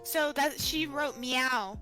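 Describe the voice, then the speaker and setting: A woman's voice: sits high, slow pace, music in the background. A woman co-streaming a game, chatting and giggling. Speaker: co-host streamer. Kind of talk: live-stream chat.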